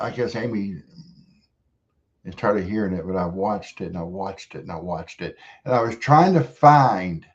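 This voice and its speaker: A man hosting a devotional talk who speaks reflectively, pausing and letting his phrases trail off softly. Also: low-pitched, lo-fi sound. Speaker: host.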